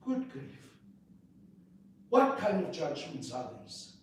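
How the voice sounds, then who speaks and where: A man, speaking as an interview guest in a forceful, indignant way, piling up rhetorical questions. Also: fairly high pitch, sing-song, slow pace. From South Africa. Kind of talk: impassioned political interview. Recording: echoey room, distant mic, faint noise.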